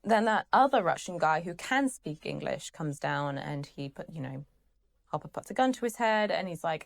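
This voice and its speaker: A woman's voice: low voice, expressive, a little fast, creaky. A young woman hosting her own channel, ranting about a TV character in a sarcastic, exasperated way, swearing freely and rambling through asides and restarts. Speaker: channel host. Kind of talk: ranting commentary.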